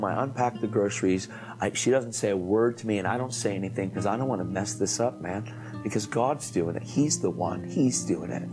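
A man preaching, telling an animated testimony story and acting out the people in it. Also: lowish voice, rough recording. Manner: animated storytelling, acts out quoted voices. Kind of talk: emotional testimony.

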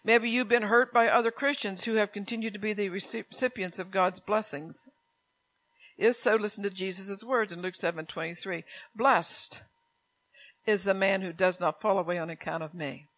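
Bright-voiced older woman preaching. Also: mid-range voice, normal speed, long pauses, no room sound. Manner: conversational, with rambling asides and impassioned voiced prayers. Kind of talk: sermon.

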